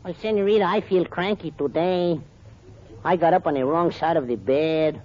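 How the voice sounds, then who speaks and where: A man playing a scatterbrained, grumpy gardener in a 1940s radio comedy, delivering deadpan punchlines. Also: on the high side, normal speed, natural voice. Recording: muffled old radio broadcast with heavy hiss.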